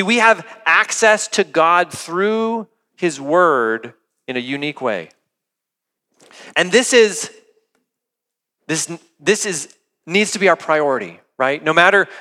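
A young man gives an earnest, conversational sermon, tossing rhetorical questions to his listeners. His voice sits high and bright. The sound rings with the long reverb of a large hall. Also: clear, resonant tone. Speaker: pastor.

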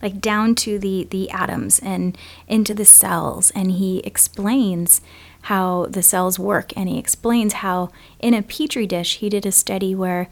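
A podcast co-host with a mid-range voice and vocal fry chats casually, sounding enthusiastic and laughing easily.

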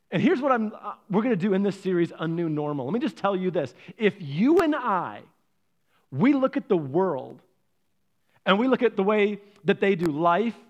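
Pastor, male, high-pitched, preaching with lively humor. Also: lo-fi sound. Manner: lively storytelling, playful asides to the congregation. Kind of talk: sermon.

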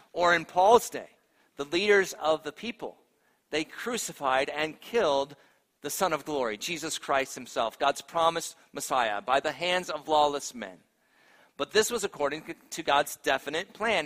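A male pastor preaching a sermon, earnest and emphatic, moving between forceful proclamation and gentle appeal to his congregation. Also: fairly high pitch, long reverb tail.

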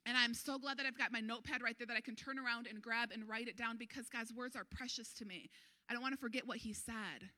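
A woman pastor preaching a sermon, earnest and animated, urging her congregation on. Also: quick pace. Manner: animated, acts out crowd voices with sudden high pitch.

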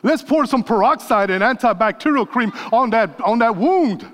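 A man's voice: very high voice, lively intonation, moderate pace, fairly bright tone. A man voicing a middle-aged mother who shrieks in alarm over a child's scrape, in a room with long reverb. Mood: frantic. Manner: shrieking, frantic.

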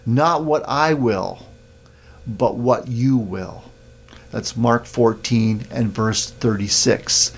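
A man preaching a sermon, reading scripture in a measured, emphatic way. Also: mid-range voice.

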